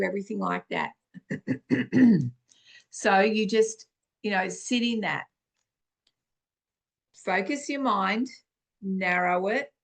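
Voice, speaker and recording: Frequent throat-clearing marks this middle-aged woman's informal spiritual talk on her podcast. She has a mid-range voice and an easygoing, conversational, unhurried manner.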